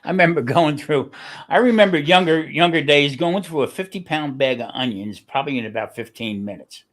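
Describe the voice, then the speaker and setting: A man's voice: fairly high pitch, expressive, a little fast, a bit bright. A middle-aged man, a chef, chatting casually on a video call, rambling through stories and laughing often. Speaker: guest chef.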